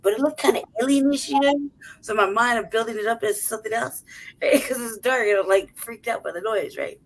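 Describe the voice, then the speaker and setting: A woman's voice: on the high side, brisk, low-quality recording. Profane, laughing woman telling a story. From city-raised. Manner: profane, animated, laughs often, acts out voices. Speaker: podcast co-host. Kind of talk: casual storytelling chat.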